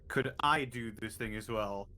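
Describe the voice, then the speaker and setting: A man's voice: fairly low pitch, measured pace, sharp tone. A man chatting casually as a player in a tabletop role-playing game.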